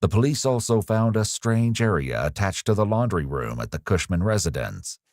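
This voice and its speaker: A man reading grave, measured true-crime narration from a script. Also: fairly low pitch, very animated, background noise. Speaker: documentary narrator.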